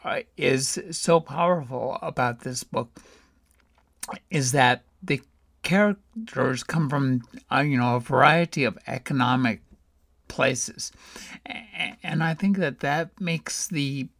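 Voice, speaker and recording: A man interviewing an author, speaking in a measured, hesitant way and clearing his throat. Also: medium pitch, fairly bright tone, no echo, studio quality. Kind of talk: interview questions and comments.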